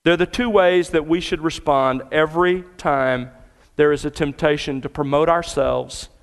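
A man's voice: fairly high pitch, normal speed, clear, resonant tone, big-room sound. A man preaching a sermon to his congregation in earnest, building emphasis through repetition. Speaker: pastor. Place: church sanctuary.

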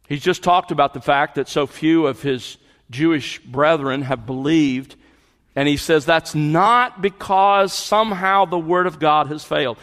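A man's voice: on the high side, measured pace, fairly bright tone. A middle-aged man preaching a sermon, explaining scripture and building to emphatic peaks. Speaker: pastor. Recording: long hall reverb.

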